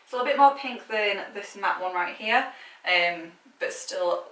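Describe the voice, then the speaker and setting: At a moderate pace, a British vlogger with a mid-range voice that sounds pushed and bright gushes casually about makeup as she swatches. Filler words abound, and the audio comes from a distant mic in an echoey room.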